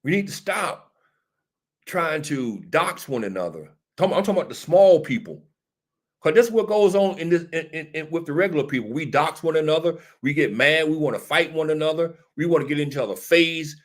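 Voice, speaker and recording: A man's voice: fairly high pitch, expressive, a little fast. Repetitive, emphatic male talk host. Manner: answers chat viewers directly. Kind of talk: casual political commentary talking to a live audience.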